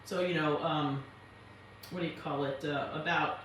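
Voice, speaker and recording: A woman's voice: low voice, steady tone, moderate pace, a bit bright, slight background noise. A woman hosting a home cooking show with an Italian-tinged accent, chatting and explaining each step as she cooks. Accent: Italian-tinged English. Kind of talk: casual cooking demonstration. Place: home kitchen. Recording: very echoey kitchen, distant mic.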